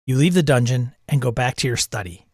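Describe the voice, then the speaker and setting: A man's voice: medium pitch, fairly quick, dry recording, clean studio sound. A man hosting, reading a text adventure aloud and reacting, wry and self-amused, chuckling at the game. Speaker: host.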